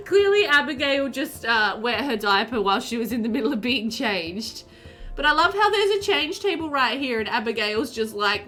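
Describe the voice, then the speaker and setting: A woman's voice: a little high, sing-song, normal speed, bright, forceful tone, soft background music. A woman streamer chatting casually and animatedly with viewers while playing a game, often laughing.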